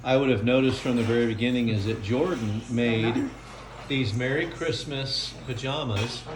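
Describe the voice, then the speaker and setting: A man's voice: mid-range voice, normal speed, noisy background. An older man narrating a casual home video from his kitchen, chatty and proudly playful as he shows off his cooking. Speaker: family cook filming a holiday video. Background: frying sizzle.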